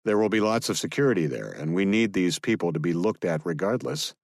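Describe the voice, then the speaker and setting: A man doing a calm, wry field agent. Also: low voice, fairly quick, gravelly, no room sound, clean studio sound, full character voice. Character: calm battle-hardened male agent, wry.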